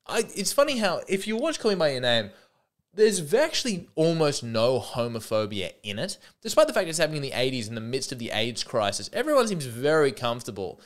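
A man's voice: mid-range voice, sing-song, brisk. A man hosting a comedy podcast, speaking in a mock-earnest, rambling way with frequent restarts. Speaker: podcast host.

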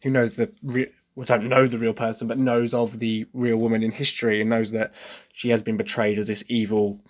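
A man's voice: mid-range voice, level tone, fairly quick. A man from Essex with a faint Essex accent, hosting a solo podcast and thinking aloud as he weighs his own views. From Essex, England. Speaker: podcast host. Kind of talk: solo podcast review monologue.

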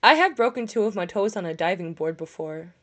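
A woman's voice: medium pitch, lively intonation, fairly quick, fairly bright tone. A young woman from upstate New York, co-hosting a casual podcast over voice chat and telling rambling, profane stories with laughs. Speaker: podcast co-host. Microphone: push-to-talk voice chat.

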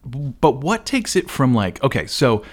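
A male podcast host chats casually with a guest in an unhurried, sing-song mid-range voice, laughing easily and rambling loosely through the interview.

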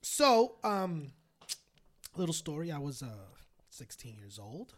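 A young man co-hosting a casual podcast, telling stories with lively acted quotes. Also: fairly high pitch, slow. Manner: animated storyteller, bursts of laughter and acted quotes. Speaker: podcast co-host. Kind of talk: casual chat.

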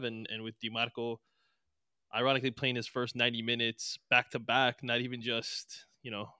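A man with a bright, smooth voice chats casually on a podcast, repeating words as he restarts his thoughts. The sound is dry and close, with no room around it. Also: medium pitch, no echo. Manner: stammering restarts, relaxed. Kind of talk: casual chat.

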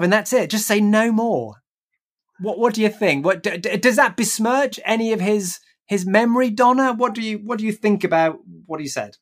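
A man's voice: sits high, lively intonation, moderate pace. A man hosting a podcast in casual panel chat, chatty and steering his guests with questions. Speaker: podcast host.

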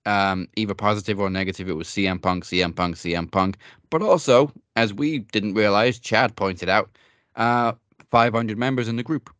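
Deep-voiced, joking man co-hosting a podcast. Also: normal speed, a bit bright, no room sound. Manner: laid-back, joking, with frequent fillers and laughs. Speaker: podcast co-host. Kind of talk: casual chat.

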